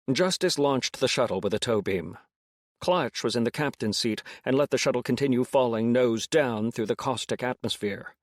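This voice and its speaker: A man narrating an audiobook in the first person, reading in a steady, measured way. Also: mid-range voice, no echo, studio quality.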